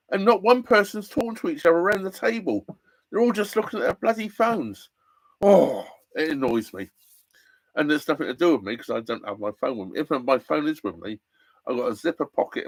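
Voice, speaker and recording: A man from England chats on a live stream from inside his narrowboat, rambling and restarting, now and then flaring up. His voice sits at an ordinary pitch. The sound is close and dry, with no room echo. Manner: rambling, chatty, with restarts and animated outbursts. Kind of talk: casual live-stream chat.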